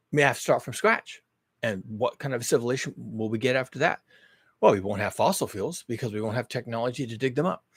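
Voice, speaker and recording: A man's voice: mid-range voice, slightly rough, dry recording, clean studio sound. A man hosting his own channel, talking through big questions in a rambling, emphatic monologue full of rhetorical questions. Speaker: host. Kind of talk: casual monologue.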